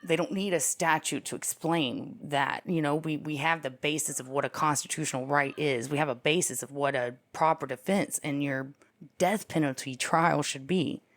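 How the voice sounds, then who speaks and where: Low-voiced, chatty woman commentator. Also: steady tone, normal speed. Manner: chatty and irreverent, laughs at herself, swings into loud exclaims. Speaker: true crime commentator. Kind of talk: casual legal commentary to camera.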